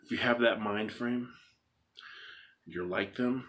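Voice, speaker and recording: A man's voice: lowish voice, takes it slowly, a bit bright. A man speaking earnestly straight to his viewers, emphatic and repetitive, driving his point home with rhetorical questions. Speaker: vlogger. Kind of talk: earnest monologue to camera.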